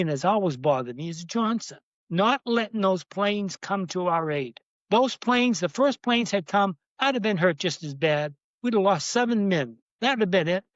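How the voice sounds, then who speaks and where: Older male guest, emotional rambling storyteller, voice a bit high, dry dull lo-fi sound. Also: animated, moderate pace, few pauses, no echo. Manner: earnest, heated, rambling with restarts. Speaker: guest, navy veteran.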